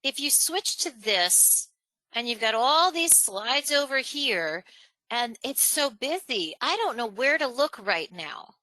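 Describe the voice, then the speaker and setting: A woman giving an online presentation-skills webinar, energetic and emphatic, who varies her tone and pace on purpose. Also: a little high, slow, no echo, poor audio.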